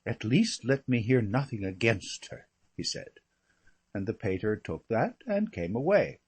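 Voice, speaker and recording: Man doing a breezy gossipy young gentleman. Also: lowish voice, very animated, unhurried, breathy edge, heavily acted. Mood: gossiping. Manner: rambling, breezy, full of slangy asides. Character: gossipy young English gentleman, chatty and flippant.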